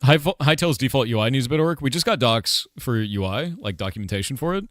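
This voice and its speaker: A man's voice: mid-range voice, lively intonation, fast, a bit bright, no room sound, clean studio sound. A game developer in his forties, chatting casually on a live stream, ranting and swearing with lots of "like" and "dude". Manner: ranting, profane, repeats "like" and "dude".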